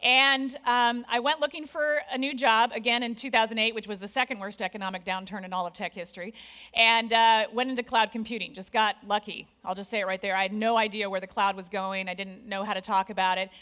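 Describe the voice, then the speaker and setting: Bright-voiced woman giving a candid conference talk. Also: mid-range voice, brisk. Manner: candid, self-deprecating, lively with asides to the audience. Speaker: conference speaker. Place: conference stage before an audience.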